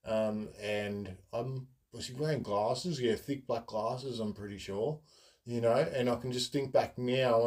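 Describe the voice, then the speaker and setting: Aussie bloke rambling thru stories, giggly, lots of ums, mellow voice. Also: male voice, mid-range voice. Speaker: podcast host. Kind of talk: casual storytelling monologue.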